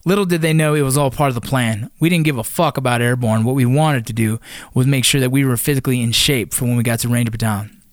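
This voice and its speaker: A man's voice: medium pitch, quick pace, few pauses, no echo, studio quality. A man who is a former Army Ranger, telling a personal story in a casual, blunt way, full of swearing and fillers. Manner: blunt and profane, with many fillers.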